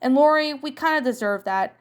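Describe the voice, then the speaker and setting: A woman's voice: sits high, lively intonation, brisk. A woman reading a cartoon mother's sad, apologetic lines in a fan story. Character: Rita, middle-aged mother, apologetic.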